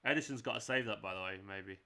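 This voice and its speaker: A man hosting a live football watchalong, reacting with exasperation, swearing and shouting at the players. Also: fairly low pitch, fast, gravelly, clear, resonant tone. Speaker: fan channel host.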